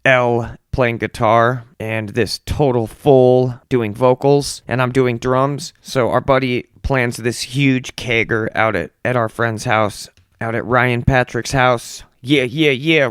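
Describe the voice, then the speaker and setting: A man's voice: mid-range voice, steady tone, takes it slowly, clear, resonant tone, no echo, clean studio sound. A young man hosting a podcast who tells stories in a loose, profane way and acts out the voices of the people in them. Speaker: podcast host. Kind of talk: casual storytelling monologue.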